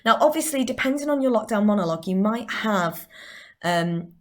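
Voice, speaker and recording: A woman's voice: mid-range voice, animated, moderate pace. A woman with a Northern English accent, a drama teacher giving a chatty recorded lesson and explaining step by step.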